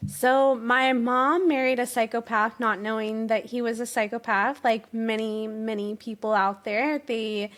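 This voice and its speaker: Slow-speaking, higher-pitched woman guest. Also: fairly even intonation, fairly bright tone. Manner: earnest, storytelling, searches for words. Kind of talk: casual interview chat.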